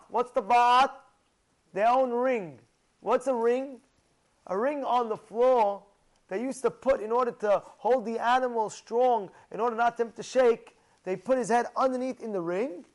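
A man teaching a Torah lesson, telling stories with frequent laughs and questions to his listeners. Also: extremely high pitch. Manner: lively storyteller who laughs often and asks questions.

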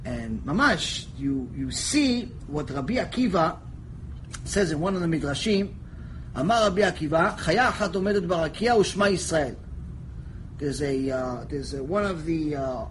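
A man teaching a Torah lecture, animated storytelling that jumps between quiet asides and shouted lines, joking with his listeners. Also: fairly high pitch, normal speed, slight background noise, rough recording. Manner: animated storytelling, acts out voices, jokes, shouts for emphasis. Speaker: rabbi teaching a lecture series.

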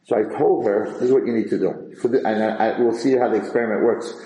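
Animated storytelling rabbi, echoey room. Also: male voice, fairly low pitch, fast talker. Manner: animated storyteller, acts out dialogue, frequent restarts. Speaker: rabbi and teacher. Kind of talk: informal Torah lecture with stories.

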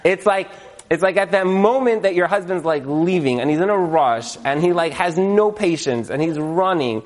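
A man's voice: sits high, moderate pace. Joking man lecturing a live audience. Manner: animated, joking, asks the audience questions; uses Jewish religious terms. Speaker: speaker giving a talk to an audience. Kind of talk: humorous religious lecture.

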